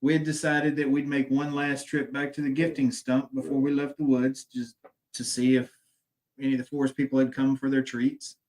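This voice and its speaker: A man's voice: mid-range voice, flat delivery, moderate pace, darkish tone, a little hiss or hum. A man hosting and recounting an outing in an easygoing, conversational way. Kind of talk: casual chat.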